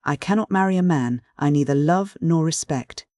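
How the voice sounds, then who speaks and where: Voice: medium pitch, moderate pace, a little mellow, no room sound, studio quality, lightly acted. A reader voicing a proud, tearful Victorian widow. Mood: scornful. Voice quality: tearful, obstinate.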